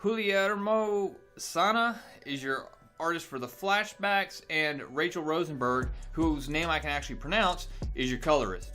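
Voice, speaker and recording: A man's voice: a little high, sharp tone. A man casually reviewing a comic preview in a chatty, self-deprecating way.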